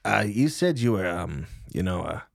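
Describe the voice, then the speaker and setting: A man's voice: low voice, sing-song, moderate pace, creaky, dry recording, clean studio sound, exaggerated voice. A man voicing an overly polite, stranded male medic with a cold who rambles and sniffles. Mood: hopeful.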